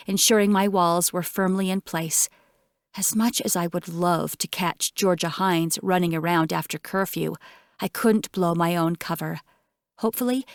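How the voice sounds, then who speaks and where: A woman narrating an audiobook in first person, with measured, tense storytelling. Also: on the low side, no room sound, studio quality.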